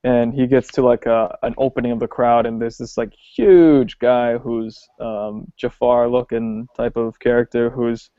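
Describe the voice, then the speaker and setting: A man co-hosts a casual podcast about films and talks in a relaxed, halting way full of ums. His voice is warm and mellow. The recording is dry and dull. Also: mid-range voice, no room sound. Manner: relaxed, hesitant with many ums. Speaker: podcast co-host. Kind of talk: casual film discussion.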